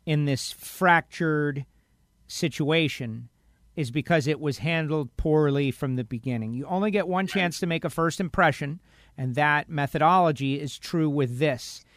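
A man's voice: fairly high pitch, no echo, clean studio sound. A man on a talk radio show giving an impassioned, rambling opinion while emotionally upset. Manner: emphatic, rambling, acts out other people's lines. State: emotional, upset by bad news.

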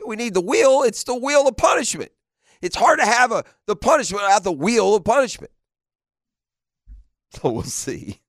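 A man's voice: sits high, very animated, normal speed, pauses often, fairly bright tone, no echo, clean studio sound. A man hosting sports radio in a casual, playful way, laughing often and firing off rhetorical questions. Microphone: studio microphone.

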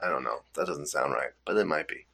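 A man's voice: rumbling low, a little fast, creaky, bright, forceful tone, husky. A young man telling a rambling story in casual chat, laughing often and acting out the quotes.

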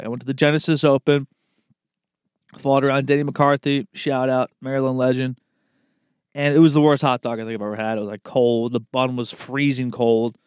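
Laid-back cursing guy, slightly high voice. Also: smooth, no room sound, clean studio sound. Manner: laid-back, swears freely, says "man" and "dude" a lot; chuckles at his own slips. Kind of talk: casual rambling monologue.

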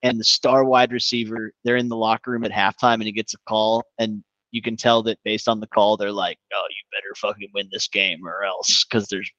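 A man's voice: fairly low pitch, dry recording, lo-fi sound. A man co-hosting a casual sports podcast, telling stories with energy, swearing freely and calling people dude. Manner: animated storyteller, swears freely, says "dude". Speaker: podcast co-host.

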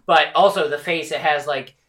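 A man co-hosting a casual film chat, enthusiastic and quick to chime in. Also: on the high side, fairly even intonation, a bit bright. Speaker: podcast co-host. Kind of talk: casual movie recap chat.

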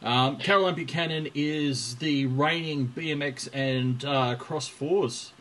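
Laughing, animated male podcast host. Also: medium pitch, unhurried, a crowd in the background, low-quality recording. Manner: laughing, animated storyteller who acts out quotes. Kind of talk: casual chat.

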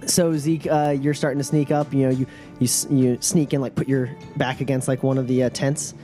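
A man narrating as game master in a tabletop game, halting with many fillers. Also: mid-range voice, little pitch movement, dark tone, soft background music.

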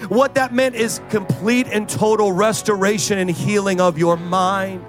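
A man's voice: high voice, steady tone, unhurried, hardly any pauses, faint music behind. A middle-aged male pastor preaching a sermon, rising into fervent, sing-song prayer and exhorting the congregation with repeated calls.

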